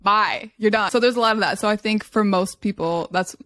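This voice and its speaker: A woman co-hosting a casual talk, telling stories in an animated way and acting out what other people said. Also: mid-range voice, brisk, no echo. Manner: animated storytelling, acts out quoted people in a raised voice. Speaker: podcast co-host. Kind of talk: casual chat.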